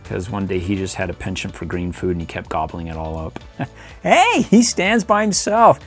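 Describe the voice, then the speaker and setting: A middle-aged man chats through a toy review, chuckling and making playful sound effects. His voice sits on the low side but swings widely in pitch. Soft music plays faintly underneath. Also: big pitch swings, fairly quick. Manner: playful, chuckling, makes sound effects while posing toys. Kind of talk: casual toy review commentary.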